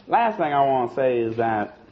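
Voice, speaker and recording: A man's voice: medium pitch, sing-song, moderate pace, slight background noise. A man giving an informal political talk to an audience, talking in a loose conversational way, repeating words and saying "you know" and "see" often. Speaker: speaker addressing an audience. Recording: dull lo-fi archival recording.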